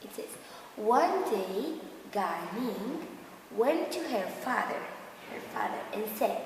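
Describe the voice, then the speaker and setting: A woman teacher reading a story aloud to a class, slow and animated, with sound cues. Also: fairly high pitch, noisy background. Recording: echoey classroom with long reverb.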